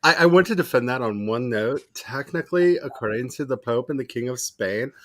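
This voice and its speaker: Guest on a chat podcast, mid-pitched, dry close mic, laughs while explaining stuff. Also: expressive, fairly quick, no room sound. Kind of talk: casual chat.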